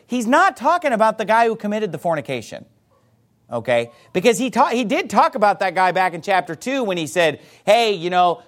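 A male preacher delivering a sermon with a high, lively voice that swoops up and down. He reads scripture aloud and slips into quoted voices as he explains. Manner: animated, acts out quoted voices.

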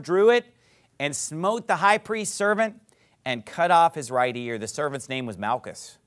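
Man, pastor, sermon, high-pitched, lively swooping delivery, emphatic, repetitive, reads scripture aloud. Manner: emphatic, repeats phrases, climbs to loud peaks; reads scripture aloud in King James wording.

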